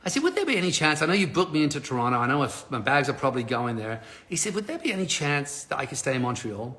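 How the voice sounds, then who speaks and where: A man's voice: mid-range voice, sing-song, fast talker, pushed and bright. A middle-aged man hosting a live stream, telling a personal story to his viewers and acting out the dialogue. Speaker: live stream host, speaker on change.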